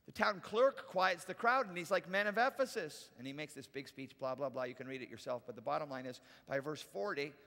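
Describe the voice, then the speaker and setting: A man's voice: fairly high pitch, a little fast, creaky, few pauses, sharp tone, in a large hall. A man preaching a sermon as pastor, casual and conversational, with playful asides to the congregation. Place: large church auditorium.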